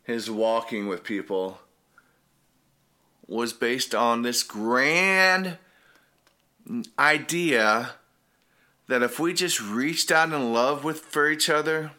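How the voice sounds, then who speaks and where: A man's voice: medium pitch, slow, pauses often, sharp tone. A man giving an informal Bible teaching, earnest and rambling, often restarting his sentences. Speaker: preacher.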